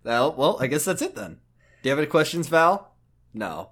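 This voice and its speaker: A man's voice: a little high, very animated, normal speed, fairly bright tone. A man co-hosting a casual podcast, cutting in with goofy jokes and swearing. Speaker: podcast co-host.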